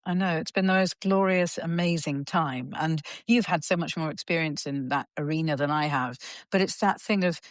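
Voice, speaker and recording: A woman's voice: sits low, moderate pace, hardly any pauses, no echo. Theatrical woman in her sixties, dry sound. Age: 60s. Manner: theatrical, calls people darling and dear. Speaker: actress guest. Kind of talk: casual chat.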